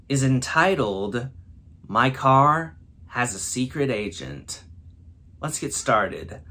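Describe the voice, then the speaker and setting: A man hosting a comedy show, reading a fill-in-the-blank story aloud for the first time. He takes it slowly and stumbles over the ridiculous words as they come. His voice sits at an ordinary middle pitch. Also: a bit bright. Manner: breaks into laughter mid-read, stumbling over silly words. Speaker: host. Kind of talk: comedic read-aloud of a word-game story.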